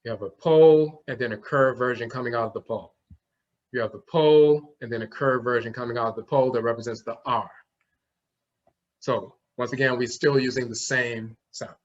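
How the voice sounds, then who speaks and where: A man's voice: medium pitch, fairly even intonation, a little fast. A man giving a classroom lecture on an old script, explaining each sign and sounding out its letter. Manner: explanatory, demonstrates sounds aloud. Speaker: language teacher. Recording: dull lo-fi recording.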